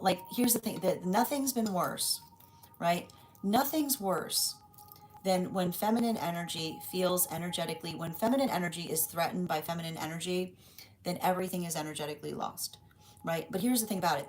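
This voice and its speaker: A woman's voice: lowish voice, slight background noise, low-quality recording. A woman giving a live tarot reading, rambling and tagging "right?" onto her points. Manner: rambling, repeats "right?" often. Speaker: tarot reader.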